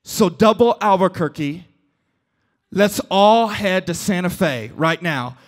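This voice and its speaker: A pastor with a high-pitched voice preaches a casual, joking sermon, retelling a story with quick asides and playful voices for its characters.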